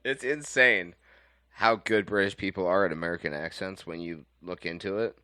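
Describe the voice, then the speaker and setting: A man co-hosting a casual podcast, answering with deadpan quips. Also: deep voice, normal speed. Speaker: podcast co-host.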